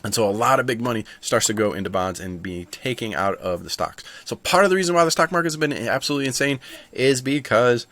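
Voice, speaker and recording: A man's voice: mid-range voice, quick pace, fairly bright tone. A man hosting a stock market video, chatting casually and thinking aloud with asides. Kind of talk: casual market commentary to camera.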